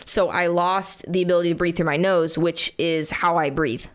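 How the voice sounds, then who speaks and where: A young adult woman, co-host of a podcast, telling a story in casual chat, animated and swearing freely. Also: lowish voice, moderate pace.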